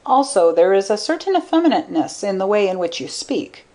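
A woman voicing a shrewd, thoughtful man who speaks in a calm, measured way. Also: medium pitch, lightly acted.

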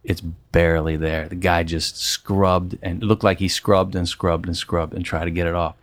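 A man chatting casually, telling an animated story and acting out what people said. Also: sits low, normal speed. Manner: animated storyteller, acts out others' lines. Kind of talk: casual chat.

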